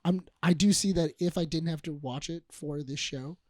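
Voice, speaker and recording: Lively male cohost, acts out bits, dry close mic sound. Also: on the high side, moderate pace, dry recording. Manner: animated, acts out scenes in quotes. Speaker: podcast co-host. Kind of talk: casual chat.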